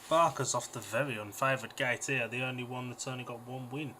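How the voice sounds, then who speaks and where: Bright-voiced British man reading line-ups. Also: mid-range voice, fairly even intonation, a little fast, slight background noise. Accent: British English. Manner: matter-of-fact, knowledgeable line-ups and race summaries. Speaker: co-host giving race analysis. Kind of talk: casual sports commentary.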